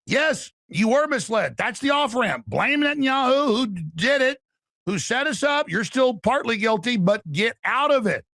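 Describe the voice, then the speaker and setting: A man's voice: extremely high pitch, sing-song, unhurried, pushed and bright, no echo, studio quality. A man giving urgent, emphatic political commentary as a talk show host, scoffing and driving his points home.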